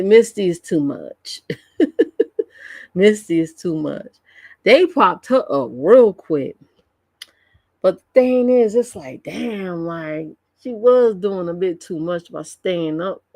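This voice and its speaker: Low, slow-talking gossipy woman streamer. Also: lively intonation, vocal fry, mellow, no echo. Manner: gossipy, laughs often, drawn-out slangy commentary. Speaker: streamer reacting to online drama. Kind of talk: casual live-stream chat.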